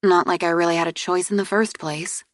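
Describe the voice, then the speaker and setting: A woman reader voicing a proud, exasperated young princess heir in an audiobook, with sharp, indignant retorts. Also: lowish voice, fairly even intonation, fairly quick, no echo, clean studio sound, natural voice.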